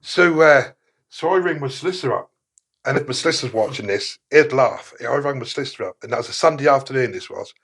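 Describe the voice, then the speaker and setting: A middle-aged man talks in a gravelly, husky voice. He rambles loosely and swears often, full of "uh" and "type of thing". It sounds like casual storytelling as a podcast guest. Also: medium pitch, lively intonation, quick pace, fairly bright tone. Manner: rough, sweary, rambling with many fillers. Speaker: guest, former prisoner.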